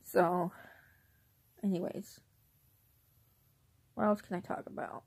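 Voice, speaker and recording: A young woman vlogging in a casual, rambling way, who often clears her throat. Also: fairly low pitch, fairly even intonation, takes it slowly, a little mellow. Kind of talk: casual chat.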